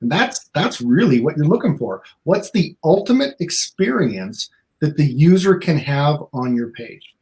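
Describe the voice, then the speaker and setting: A man's voice: a little high, very animated, measured pace, darkish tone. A man speaking as a guest on a livestream panel, explaining tips and voicing what a user might think. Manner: explanatory, acts out users' thoughts, some restarts. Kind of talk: casual livestream panel advice.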